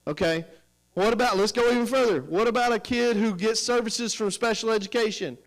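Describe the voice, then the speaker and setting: A man's voice: sits high, a little fast, poor audio. A middle-aged man leading a teacher training workshop, firing questions at staff seated at tables and coaxing answers out of them. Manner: energetic, questioning, coaxing the audience. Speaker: professional development presenter.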